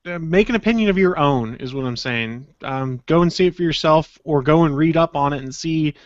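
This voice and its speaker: A man with a slightly high voice co-hosts a podcast, telling anecdotes in a relaxed, chatty way. His voice sounds dry and a little muffled, like a home setup. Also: a little fast, no echo. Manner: relaxed storyteller, acts out quotes. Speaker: podcast co-host. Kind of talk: casual podcast chat.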